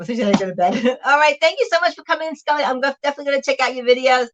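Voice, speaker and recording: A woman's voice: sits high, fast, few pauses, dull audio. Middle-aged woman, livestream host, chats and laughs while prepping food. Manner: chatty and giggly, talking with food in her mouth. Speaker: vlog host reading live chat. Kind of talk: casual livestream chat while cooking.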